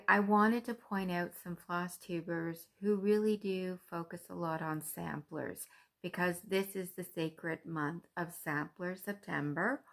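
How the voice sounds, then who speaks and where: A woman's voice: on the low side, fairly bright tone. A woman from Canada chatting casually and cheerfully to her viewers about her stitching, with frequent ums. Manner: chatty, upbeat, with many ums. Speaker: cross-stitch vlogger.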